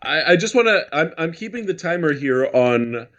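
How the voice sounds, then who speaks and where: A man joining a live stream as co-host, making dry jokes with halting restarts. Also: fairly high pitch, very animated, fairly bright tone. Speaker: co-host guest.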